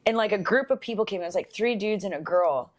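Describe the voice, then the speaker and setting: A young woman co-hosting a podcast, telling a bartending story in a casual, swearing, animated way. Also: mid-range voice, fast talker. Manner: swears freely, animated when quoting people.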